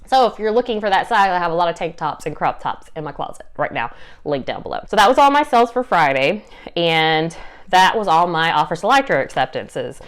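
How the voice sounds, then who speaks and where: A young woman with a Southern US accent chats to camera about her resale sales in a lowish, animated, brisk voice. She's an upbeat reseller vlogger, full of fillers and small laughs.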